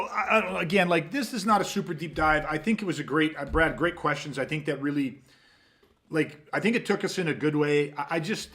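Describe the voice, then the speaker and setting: A man's voice: fairly high pitch, fairly bright tone. A man hosting a podcast, talking in a blunt, emphatic, profane way. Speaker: podcast host. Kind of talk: casual podcast talk.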